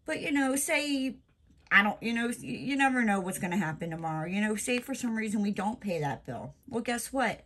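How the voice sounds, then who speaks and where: A woman's voice: medium pitch, animated, moderate pace, a bit bright. A woman venting in a casual crafting vlog, exasperated and emphatic, full of "you know" and "like.". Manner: lots of fillers like "you know" and "like". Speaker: crafting vlogger. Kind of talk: casual chat while crafting.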